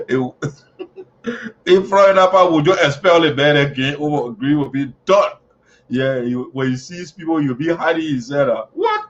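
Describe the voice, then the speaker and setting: Mocking high-voiced man ranting. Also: big pitch swings, moderate pace. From Liberia. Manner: mocking, taunting, chanting jeers. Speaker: online show host. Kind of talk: heated political commentary. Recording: dull lo-fi audio.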